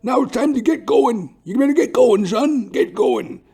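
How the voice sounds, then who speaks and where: A man putting on the voice of an older gentleman mentor called the Colonel, loud and fatherly, calling people son. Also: moderate pace, creaky, slightly rough, heavily acted. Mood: booming fatherly. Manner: booming, fatherly, calls everyone son. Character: gruff older male sobriety mentor, the Colonel.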